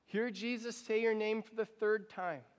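A man, a pastor, leading a congregation in a slow, repetitive guided prayer during a sermon. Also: high voice, fairly even intonation, clear, resonant tone. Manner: guided prayer, soft and slow, repeating phrases. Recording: long reverb of a church hall.

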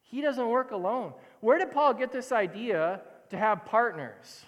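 Animated high-voiced male preacher in reverberant hall. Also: a little slow, dull audio. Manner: conversational, animated, self-correcting. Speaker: pastor. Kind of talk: sermon.

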